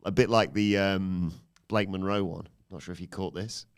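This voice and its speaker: A man's voice: sits low, fairly even intonation, moderate pace, clear, resonant tone. A man co-hosting a casual live podcast, reading out viewer messages with small fillers between them. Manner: reads out chat comments with fillers.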